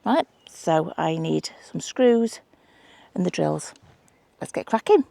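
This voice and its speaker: Middle-aged Manchester woman, low and gravelly, self-deprecating chatter while working outdoors at her allotment. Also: expressive, takes it slowly, warm tone. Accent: Manchester English. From England. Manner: chatty, self-deprecating, thinks aloud while doing DIY. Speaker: allotment gardening vlogger. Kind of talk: casual vlog narration while working.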